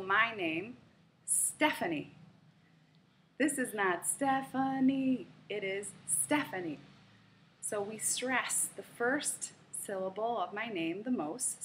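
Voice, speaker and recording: Slow, careful woman teaching pronunciation. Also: mid-range voice, bright, forceful tone, a little hiss or hum. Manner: slow, careful demonstration of word stress. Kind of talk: instructional video lesson.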